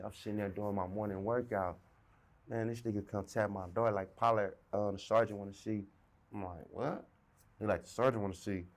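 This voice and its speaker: Low-voiced Los man telling a story. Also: a little mellow. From South Central Los Angeles. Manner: swaggering, profane, acts out both sides of arguments. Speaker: interviewee. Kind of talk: recounting a street story.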